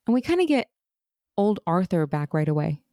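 A woman co-hosts a relaxed recap chat, her voice mellow and a touch low. She gushes with enthusiasm and slips into little acted-out quotes. The sound is dry and close. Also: moderate pace, dry recording. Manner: enthusiastic, gushing, acts out quoted lines. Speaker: podcast co-host. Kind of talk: casual chat recapping a TV episode.

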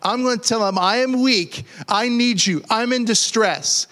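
A man's voice: very high-pitched, unhurried, sharp tone. A middle-aged man preaching a sermon as pastor, conversational and joking, often repeating words as he builds a point.

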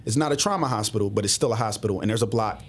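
Fast-talking man, low voice. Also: a little hiss or hum. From Southwest Philadelphia. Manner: profane, animated retelling with acted-out dialogue. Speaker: former police officer, guest. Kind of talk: casual podcast storytelling.

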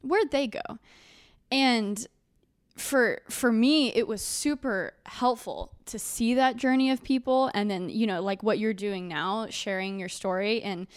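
A woman's voice: medium pitch, measured pace, smooth, dry recording, clean studio sound. A woman hosting an interview, asking encouraging follow-up questions in a reflective, conversational way.

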